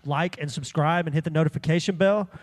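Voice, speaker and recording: A man co-hosting a live podcast, adding quick agreeing asides and jokes to a friend's retelling. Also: on the high side. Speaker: podcast co-host. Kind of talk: casual live podcast chat.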